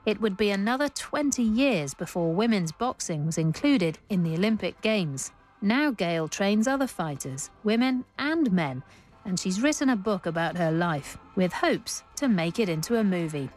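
A woman radio presenter reading scripted documentary narration in a measured, clear, composed way. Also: mid-range voice, animated, a little mellow, soft background music.

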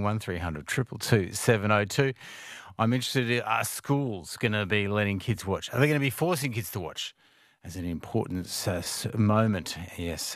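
A man's voice: lowish voice, dry recording. An Australian man hosting breakfast radio in a studio, chatting casually, laughing easily and tripping over his words now and then. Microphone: studio microphone.

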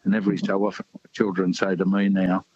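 An older man calls in over a muffled phone line. His voice is very deep and husky, and he speaks plainly, pausing with uhs. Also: completely flat delivery, a little mellow. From Sydney, Australia, born in New Zealand. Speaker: caller.

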